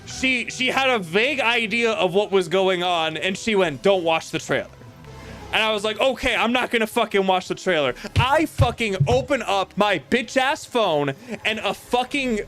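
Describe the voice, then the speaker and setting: A man's voice: high voice, fairly bright tone. A young man playing a video game and ranting profanely while telling a story. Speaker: gaming streamer. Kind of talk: casual let's-play chat.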